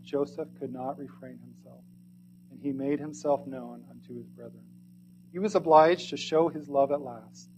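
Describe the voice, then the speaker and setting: A man reading a sermon aloud in archaic English, earnest and pleading, swinging from loud to hushed. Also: a little high, a little hiss or hum, low-quality recording.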